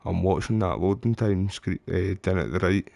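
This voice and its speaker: A man's voice: low voice, moderate pace, vocal fry, warm tone, no room sound. A Scottish man streaming a game live, chatting away and getting frustrated, calling his viewers mate and bro. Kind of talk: live gameplay commentary.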